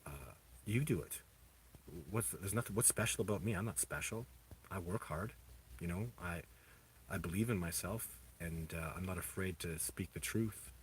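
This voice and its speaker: A man hosting a casual livestream, answering viewer questions in a rambling, halting way with many restarts. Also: sits low, slight background noise. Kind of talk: casual live chat.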